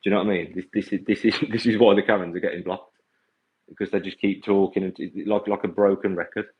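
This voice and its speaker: A man with a deep, low voice vents bluntly to his livestream audience. He sounds exasperated and keeps repeating himself. The sound is tinny and narrow, like a phone line. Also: level tone, quick pace. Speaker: vegan coach and activist. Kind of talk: livestream rant to viewers.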